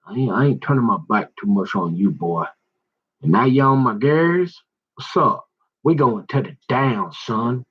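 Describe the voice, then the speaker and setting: A man's voice: medium pitch, expressive, unhurried, slightly rough, highs cut off. A man talking in a loose, slangy, rambling monologue that jumps from one story to the next and keeps restarting his sentences.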